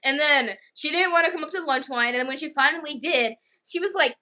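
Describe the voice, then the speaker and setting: A young female vlogger rambles through a storytime with a bright, clear voice pitched a little high. She keeps it casual and loose, stringing events together with "I was like.". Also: quick pace.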